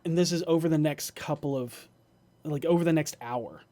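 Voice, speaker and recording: A man acting as game master, narrating a tabletop game in a measured, descriptive way. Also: fairly high pitch, mellow.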